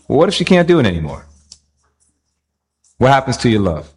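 A man's voice: medium pitch, very animated, fast talker, long pauses. A man preaching a sermon, asking his listeners rhetorical questions.

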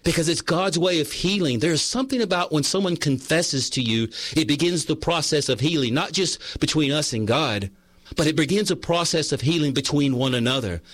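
A man's voice: on the high side, lively intonation, a little fast, a bit bright, dry recording. Man preaching in a dry, close sound. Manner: conversational, personal storytelling with frequent restarts. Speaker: pastor. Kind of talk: sermon teaching from a book.

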